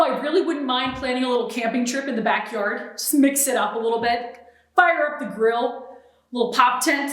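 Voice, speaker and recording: A woman doing an excitable comedic character monologue in quick bursts of enthusiasm. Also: high voice, echoey room, rough recording. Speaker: comedy sketch performer.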